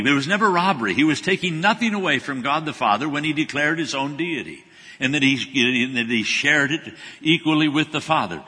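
A man preaching a sermon in an earnest way. His voice rises with intensity, then drops to hushed, humble tones when he quotes scripture. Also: mid-range voice, slightly rough. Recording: long reverb of a large hall.

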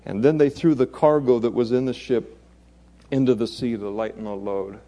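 Mellow-voiced man preaching a sermon. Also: medium pitch, steady tone, moderate pace. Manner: conversational, with chuckles and playful asides. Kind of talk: expository sermon.

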